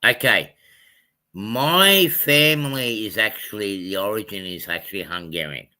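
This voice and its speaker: Australian guy rambling on his stream, low voice, bright tone, lots of ums. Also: expressive, measured pace. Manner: rambling, self-correcting, many ums. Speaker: livestream host. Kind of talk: casual livestream chat.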